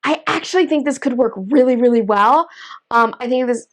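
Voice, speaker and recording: A woman's voice: sits high, moderate pace. A woman hosting a knitting video, chatting casually while she demonstrates, enthusiastic and gushing with frequent exclamations.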